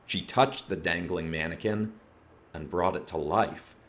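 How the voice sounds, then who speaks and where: A man with a very low, deep, grounded voice reads a horror story aloud. He narrates in a steady, measured way, keeping an even pace.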